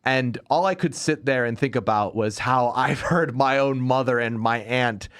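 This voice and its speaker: A man's voice: mid-range voice, normal speed, clear, resonant tone. A man hosting a podcast, chatting casually about movies in a sarcastic, ranting way and laughing often. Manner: lively, animated delivery. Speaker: podcast host. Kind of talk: casual movie review chat.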